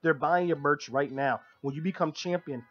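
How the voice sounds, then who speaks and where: A man with a fairly high voice talks through his opinions at length in a loose, chatty way. He sounds like he is co-hosting a radio show. The broadcast audio is dull and lo-fi. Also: moderate pace. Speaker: co-host of a wrestling review show. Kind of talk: casual radio chat.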